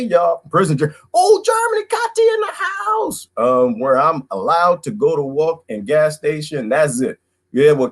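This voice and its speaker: A man hosting a casual livestream, ranting animatedly, laughing often and greeting viewers by name. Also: medium pitch. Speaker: livestream host.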